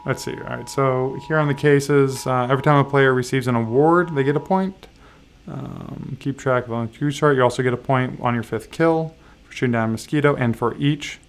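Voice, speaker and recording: A man streaming a solo board game session, walking through its rules in a halting, casual way with frequent fillers and self-deprecating asides. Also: mid-range voice, vocal fry, a little hiss or hum.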